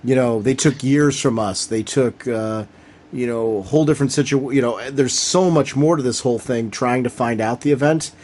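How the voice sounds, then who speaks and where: Podcast co-host, man, middle voice, excitable, retells scenes with gusto. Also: medium pitch, normal speed. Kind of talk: casual comics discussion.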